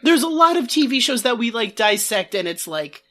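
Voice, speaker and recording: A woman's voice: fairly high pitch, expressive, unhurried, few pauses, sharp tone. A woman co-hosting a comedy podcast, rambling sarcastically with lots of filler words. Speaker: podcast co-host. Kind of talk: casual comedy podcast chat.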